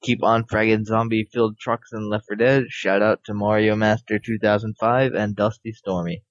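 Male co-host, lowish voice, stumbling email reads, dull dry mic. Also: level tone, moderate pace, dry recording. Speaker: podcast co-host. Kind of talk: casual chat, reading listener emails.

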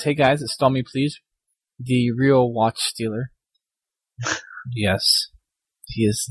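A man's voice: mid-range voice, no room sound. A man co-hosting a casual gaming podcast, joking and reading out listener emails. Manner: jokey, laughs often. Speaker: podcast co-host.

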